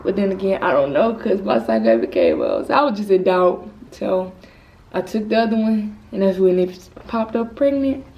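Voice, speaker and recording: A woman's voice: medium pitch, sing-song, normal speed, dull audio. A teenage girl, a vlogger, telling a personal story in a casual, rambling, candid way. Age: teens. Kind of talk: storytime vlog. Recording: slightly distant mic with faint noise.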